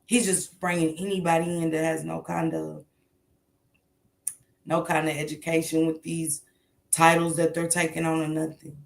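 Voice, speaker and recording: A woman's voice: deep voice, level tone, moderate pace, vocal fry, echoey room. A woman hosting a casual morning commentary show, talking bluntly and emphatically with plenty of swearing.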